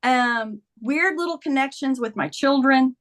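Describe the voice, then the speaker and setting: A woman's voice: sits high, measured pace, a bit bright, a little hiss or hum. A woman in her fifties, a memoir author interviewed as a guest, telling personal stories earnestly and acting out the lines of others. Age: 50s. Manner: earnest storyteller, acts out quoted dialogue. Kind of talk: candid interview conversation.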